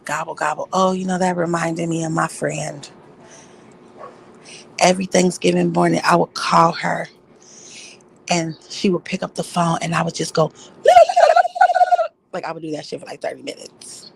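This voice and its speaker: Woman vlogger, low gravelly voice, casual profane storyteller. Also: little pitch movement, normal speed, slight background noise, low-quality recording. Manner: profane, rambling storytelling with loud acted outbursts. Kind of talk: casual chat.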